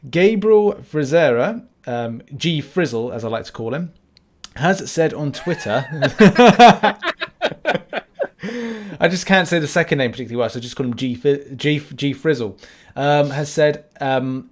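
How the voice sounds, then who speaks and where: A man hosting a casual gaming podcast, jokey and self-deprecating in easy chat. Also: fairly high pitch. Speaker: podcast host.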